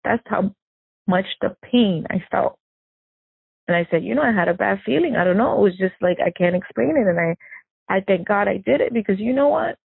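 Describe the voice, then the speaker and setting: Gravelly husky woman on a phone line. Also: mid-range voice, animated, no echo. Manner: halting, distressed retelling with many restarts. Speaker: victim's sister recounting events. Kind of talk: emotional personal interview. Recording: narrow phone-line audio, dry.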